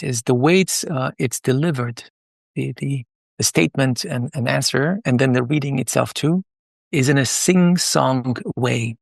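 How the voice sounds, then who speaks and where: A middle-aged man from Iran, a podcast guest, telling stories in an animated way with many fillers and restarts. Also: medium pitch, gravelly, breathy edge, dry recording, studio quality. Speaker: podcast guest, palm leaf reading moderator. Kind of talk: conversational interview storytelling.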